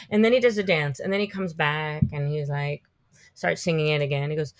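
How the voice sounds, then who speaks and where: A woman in her fifties, a podcast guest, telling animated, rambling stories in a casual interview. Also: deep voice, brisk. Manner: animated, rambling storytelling full of "like".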